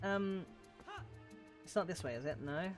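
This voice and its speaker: A young woman from London chatting casually while streaming a game, swearing freely and now and then breaking into loud yelling. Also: lowish voice, lively intonation, unhurried, music in the background. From London, England. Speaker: VTuber streamer. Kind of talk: casual gaming stream chat.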